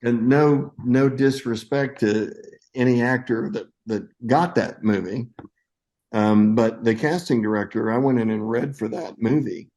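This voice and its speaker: A man's voice: mid-range voice, unhurried. A man in his sixties, a veteran actor and screenwriter, telling stories in a casual interview and acting out other people's lines as he goes. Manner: animated storyteller who acts out other people's lines. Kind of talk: casual anecdotal storytelling.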